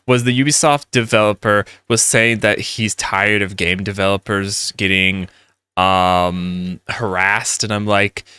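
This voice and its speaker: A man's voice: lowish voice, steady tone, unhurried, bright, forceful tone, clear, resonant tone, no echo. A man ranting in rambling gaming commentary, heated and full of restarts.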